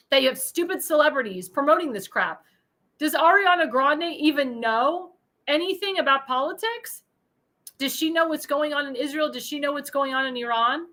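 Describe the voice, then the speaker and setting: A heated woman talk show host with a high, bright voice that jumps all over the place. She rants in a political monologue, hurling insults and breaking into angry shouts. Her tone stays sharp and agitated throughout. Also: poor audio. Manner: shouts in bursts of anger.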